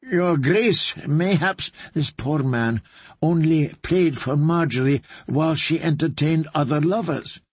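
A man voicing a gentle-sounding, quietly menacing older male torturer. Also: on the high side, a little slow, slightly rough, no room sound, pitched above the performer's own voice. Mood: sinister. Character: soft-spoken, sinister older male torturer.

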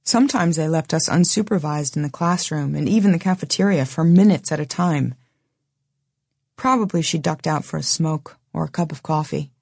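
A woman narrating an audiobook in the first person, measured and low-key, with a wry edge. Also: creaky, darkish tone, husky, no echo, clean studio sound.

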